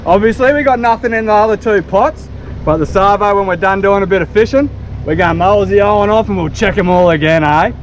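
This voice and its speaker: An Australian man hosting a fishing vlog from a small boat, chatting casually in an excitable, drawling, folksy way. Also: high voice, fairly quick, a little hiss or hum. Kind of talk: casual outdoor vlog commentary. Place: small boat on open water.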